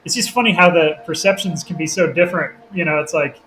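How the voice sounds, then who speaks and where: Higher-voiced host chatting over faint hiss. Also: male voice, fast talker, a bit bright, low-quality recording. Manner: chatty, acts out quotes, laughs often. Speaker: podcast host and filmmaker. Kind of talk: casual podcast interview.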